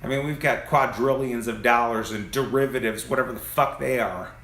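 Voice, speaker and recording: A man's voice: medium pitch, brisk, a bit bright, echoey room. A man delivering an angry, profane, preachy monologue, recorded on a phone among parked cars. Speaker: vlogger. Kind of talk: ranting monologue.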